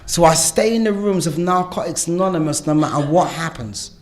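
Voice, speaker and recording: A man's voice: on the high side, fairly quick, a little mellow. A man speaking at a recovery meeting, telling a personal share and a story, earnest and full of "you know" and "yeah?" asides.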